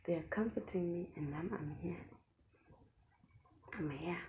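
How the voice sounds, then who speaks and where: A young South African woman vlogger telling a dramatic story in a lively, animated way, in a dull lo-fi recording. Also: lowish voice, measured pace, a little hiss or hum. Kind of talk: storytime vlog.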